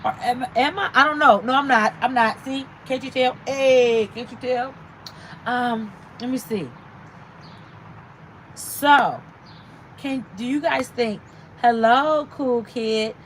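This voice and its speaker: Woman, livestream host, casual chat, reads viewer comments, fairly high voice. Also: takes it slowly, long pauses, fairly bright tone, a little hiss or hum, poor audio.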